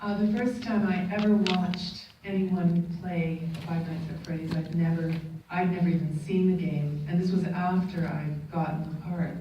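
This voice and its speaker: A woman's voice: fairly low pitch, moderate pace, highs cut off, a little hiss or hum. Lady voice actor telling a fun story, big roomy hall, mic far off. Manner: lively storyteller. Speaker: voice actor on a convention panel. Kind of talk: animated anecdote. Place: large convention hall. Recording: echoey convention hall, distant mic.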